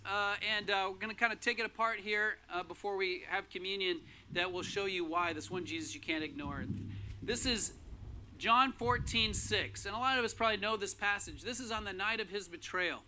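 A man's voice: high voice, sharp tone, a little hiss or hum. A man preaching a sermon in a casual, conversational way, with lots of fillers and restarts. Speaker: pastor.

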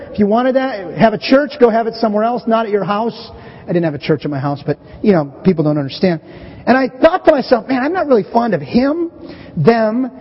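A middle-aged pastor delivers a sermon in a chatty, storytelling way. His voice sits very high for a man and has a husky edge. The recording is dull and muffled, and it rings with the long reverb of a large hall. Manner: conversational, animated storytelling preacher. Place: church sanctuary.

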